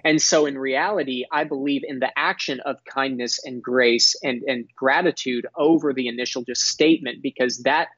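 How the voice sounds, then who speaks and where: A man's voice: mid-range voice, fairly bright tone, no room sound. Articulate young man, dry muffled sound. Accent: none, mostly neutral American with a faint Texas drawl at times. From Dallas, Texas. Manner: articulate, earnest, measured with frequent restarts. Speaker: guest, entrepreneur. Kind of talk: podcast interview.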